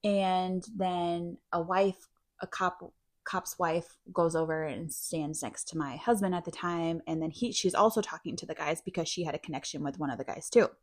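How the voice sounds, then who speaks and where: A low-pitched woman co-hosting a casual podcast. She tells a winding story full of fillers and asides, chatting loosely with a friend. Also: normal speed. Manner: rambling, filler-heavy storyteller. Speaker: podcast co-host.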